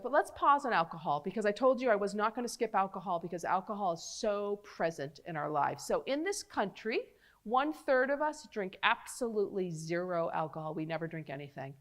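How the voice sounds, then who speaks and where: A middle-aged woman doctor giving an animated public health talk, chatting directly with her audience. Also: mid-range voice, quick pace. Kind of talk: lively public health lecture.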